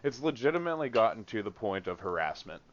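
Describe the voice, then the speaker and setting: A man's voice: fairly low pitch, sing-song, fast talker, background noise. Venting man on a lo-fi podcast. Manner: swearing, laughing often, venting. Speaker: podcast co-host. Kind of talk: casual chat.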